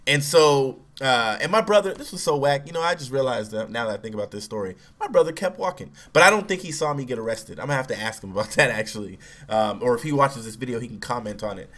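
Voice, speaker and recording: A man's voice: mid-range voice, fast talker, hardly any pauses. Young man telling a story casually. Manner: relaxed, acts out quotes with raised voice.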